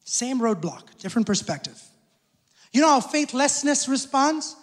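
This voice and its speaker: A man's voice: extremely high pitch, very animated, normal speed. A male pastor preaching a sermon, emphatic and calling out to his congregation. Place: church hall. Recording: long church hall reverb.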